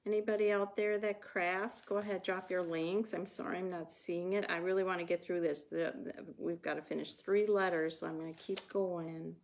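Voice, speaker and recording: A woman's voice: lowish voice, little pitch movement, normal speed, gravelly, hardly any pauses. A woman with a Wisconsin accent hosting a casual livestream, chatting with viewers while she paints. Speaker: craft livestream host. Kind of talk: casual livestream craft chat.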